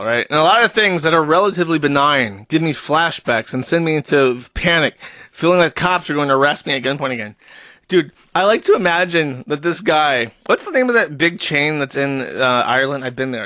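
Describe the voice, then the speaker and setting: Guy streaming from home, reading posts with heavy sarcasm and lots of swearing, bright voice, very dry sound. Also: fairly high pitch, no echo. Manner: sarcastic, profane, reading posts aloud in a mock-serious tone. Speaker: streamer host. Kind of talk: mocking live-stream commentary.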